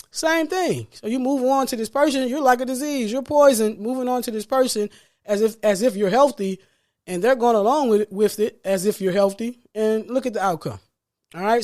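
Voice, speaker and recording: A man's voice: high-pitched, moderate pace, darkish tone. A man hosting a solo podcast as a life coach, talking earnestly and preachily about healing, repeating key phrases for emphasis and laughing lightly between points. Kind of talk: solo motivational podcast monologue.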